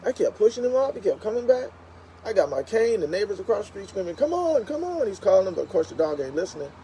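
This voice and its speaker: Chatty man telling stories, mellow voice. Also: high voice, fast talker, slight background noise, rough recording. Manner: chatty, animated storyteller. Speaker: live streamer. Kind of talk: casual storytelling on a livestream.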